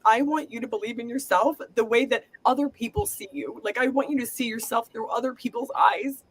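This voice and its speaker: A woman's voice: on the high side, fairly quick, slightly rough. A middle-aged woman giving an earnest, emotional psychic reading, reassuring and encouraging. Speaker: psychic reader. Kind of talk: live group reading.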